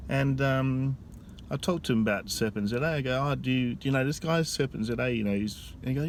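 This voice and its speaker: Aussie bloke rambling into his phone outside, keeps restarting sentences, bit of street noise behind. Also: medium pitch. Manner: rambling, halting, with frequent restarts. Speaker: vlogger. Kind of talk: casual storytelling vlog.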